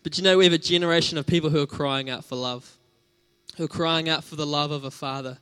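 A man's voice: on the high side, steady tone, fast, pushed and bright, clear, resonant tone. A man preaching a sermon in a conversational, storytelling way, with casual fillers.

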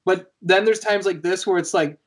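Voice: medium pitch, normal speed. A podcast host chatting casually, telling stories with lots of laughter and casual swearing. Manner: animated storyteller, laughs often, swears casually. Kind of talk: casual chat.

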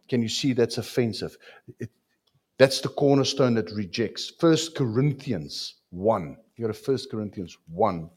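Male pastor, South African accent, church sermon, very animated pitch, playful asides. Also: slow pace, pauses often, husky. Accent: South African English. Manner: lively, joking, switches to Afrikaans asides.

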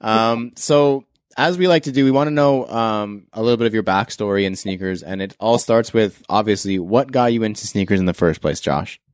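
A man hosts a casual podcast, his voice on the low side and recorded dry and close. He jokes freely while steering the conversation. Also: normal speed, no room sound. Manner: joking, upbeat interviewer. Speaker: podcast host. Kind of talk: casual chat.

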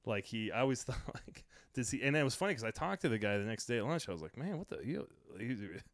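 A man's voice: mid-range voice, lively intonation, quick pace, dry recording, clean studio sound. A man co-hosting a comedy podcast, telling stand-up stories in a casual, profane, laughing way. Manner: storytelling, swearing, laughing. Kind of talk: casual chat.

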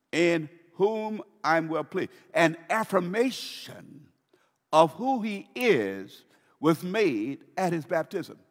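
Lively preaching man in a reverberant hall. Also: on the high side. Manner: emphatic preaching, repeats key phrases, asks the congregation questions. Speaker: pastor. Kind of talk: sermon.

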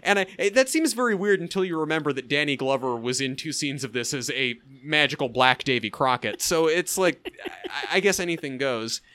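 A man co-hosting a podcast, recapping a film in casual, jokey chat with lively asides. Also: fairly high pitch. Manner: animated, jokey, quick asides with laughs. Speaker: podcast co-host reviewing a film.

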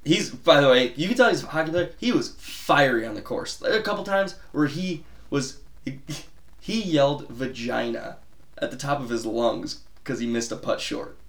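A man's voice: medium pitch, moderate pace. A man co-hosting a podcast in a casual sports chat, telling stories with gusto, acting out quotes and swearing freely. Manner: animated storyteller, swears freely, acts out quotes. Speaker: podcast co-host. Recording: echoey room.

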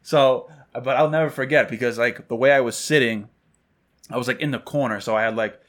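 A man's voice: medium pitch, fairly quick. A man from New York telling stories on a podcast, acting out the quotes in a raised voice. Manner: animated, acts out quotes in a raised voice. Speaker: podcast co-host. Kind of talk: casual storytelling chat.

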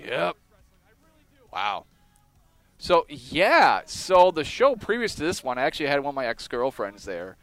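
A man's voice: on the high side, huge pitch swings, measured pace, pauses often, fairly bright tone, dry recording, faint music behind. A man co-hosting a podcast, casually commenting on wrestling footage with lots of swearing and laughter. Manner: profane, laughing, mocking voices for wrestlers. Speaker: podcast co-host.

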